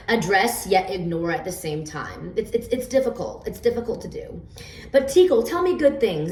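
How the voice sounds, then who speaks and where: A woman casually explaining her homemade oracle cards, rambling with fillers and stammered restarts. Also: fairly low pitch. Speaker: oracle card reader. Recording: roomy echo, distant from the mic.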